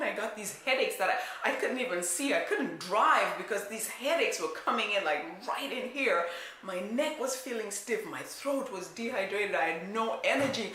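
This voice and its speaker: A woman telling a personal story in a lively way, acting out quoted remarks and often checking in with "right?". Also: mid-range voice, normal speed. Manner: animated, acts out quotes, frequent "right?" asides. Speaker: weight-loss coach. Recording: very echoey room.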